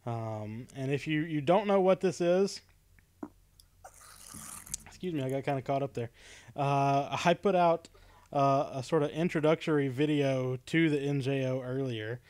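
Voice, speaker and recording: A man's voice: medium pitch, a little slow, a little mellow, smooth, no echo. A man hosting a casual livestream chat, talkative and laughing often, with plenty of ums. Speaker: podcast host. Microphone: webcam stream setup.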